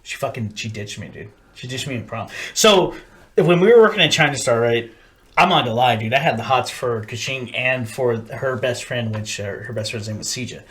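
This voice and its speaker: A man's voice: mid-range voice, moderate pace. A young man co-hosting a podcast, telling rambling, profane stories in casual chat. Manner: profane, rambling, animated storytelling. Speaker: podcast co-host.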